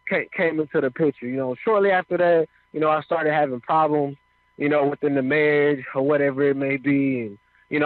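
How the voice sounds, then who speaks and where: A man's voice: fairly high pitch, fairly even intonation, a little fast, no room sound. A man telling his life story in a casual, conversational way, often asking "you know what I mean". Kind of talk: casual personal testimony. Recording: dry, phone-like radio sound.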